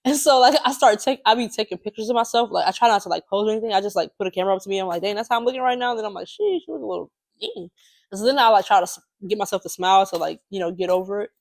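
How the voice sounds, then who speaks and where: A woman's voice: medium pitch, racing, few pauses. A young woman co-hosting a podcast, telling a personal story in a loose, chatty way, with lots of fillers and frequent laughter. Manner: chatty, animated, laughs often, many fillers. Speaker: podcast co-host. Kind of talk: casual storytelling chat.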